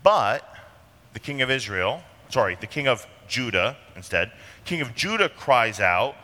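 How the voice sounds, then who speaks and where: Brief: male pastor, bright and forceful tone, conversational sermon full of rhetorical questions, long reverb in the church. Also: medium pitch, expressive, moderate pace. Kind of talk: expository sermon.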